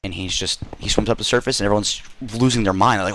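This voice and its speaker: Man telling a rambling tall tale to gaming friends; lower voice, noisy voice chat. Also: quick pace, a bit bright. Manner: rambling, full of fillers and swearing. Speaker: gamer telling a story. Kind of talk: casual story-telling in voice chat.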